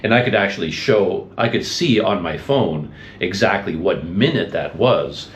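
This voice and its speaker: A man's voice: sits low, animated, a little slow, a little hiss or hum. A man vlogging in a casual, rambling, amused storytelling manner. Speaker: travel vlogger. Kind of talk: casual chat to camera.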